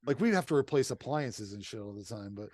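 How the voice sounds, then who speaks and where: A man's voice: medium pitch, expressive, quick pace, a little mellow, no echo, studio quality. A man telling stories in casual podcast chat, swearing often and getting heated. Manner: profane, heated storytelling. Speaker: podcast co-host.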